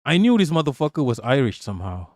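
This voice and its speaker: A man's voice: mid-range voice, very animated, fast talker, darkish tone, dry recording, studio quality. A man hosting a casual political livestream, talking bluntly and profanely and laughing as he reacts to chat. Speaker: livestream host.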